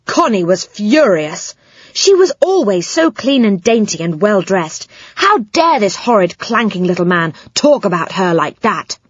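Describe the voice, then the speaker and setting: A woman reading a children's audiobook with a clear storytelling delivery. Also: mid-range voice, animated, unhurried, no echo. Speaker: audiobook narrator. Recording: slightly muffled, dry sound.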